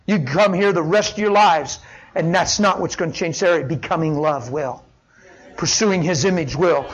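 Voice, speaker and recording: A middle-aged man preaching a sermon as pastor, impassioned, dropping to a hush and rising to shouts. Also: sits high, lo-fi sound. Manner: impassioned, swings from hushed to shouting.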